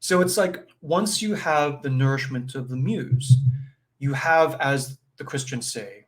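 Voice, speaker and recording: A man's voice: medium pitch, unhurried. Chatty man teaching with many fillers. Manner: conversational, full of fillers and "right?" check-ins; acts out brief quoted voices with chuckles. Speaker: spiritual teacher leading a session. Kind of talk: informal spiritual teaching on a folk tale.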